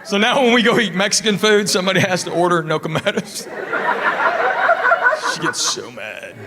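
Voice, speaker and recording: A man's voice: high-pitched, moderate pace. A man in his fifties doing stand-up, telling dry stories about his wife. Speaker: stand-up comedian. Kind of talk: stand-up comedy set. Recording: live club recording with loud crowd and noise.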